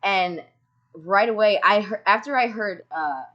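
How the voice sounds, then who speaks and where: A woman hosts a casual video call from a room at home with cats, telling animated stories full of laughs and the odd swear. Her mid-range voice moves a little slowly, and the home streaming mic gives a muffled sound.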